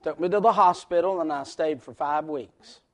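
A man with a West Virginia accent preaching a folksy sermon to a congregation, swinging from shouts to hushed words. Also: on the high side, moderate pace. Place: church service before a congregation.

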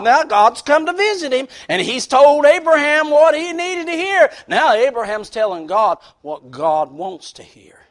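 High-pitched preacher man, shouting then hushed. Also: sing-song, measured pace, hardly any pauses. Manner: swings from hushed intimate lows to loud shouted peaks; folksy, plain-spoken with Bible quotes. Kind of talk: sermon.

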